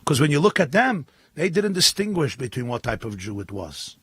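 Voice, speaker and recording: A man, a rabbi, giving a lively sermon at a live gathering, telling stories and acting out the voices in them. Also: a little high, moderate pace, husky, no echo. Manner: animated storytelling, acting out voices, rising to shouts. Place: live event with an audience.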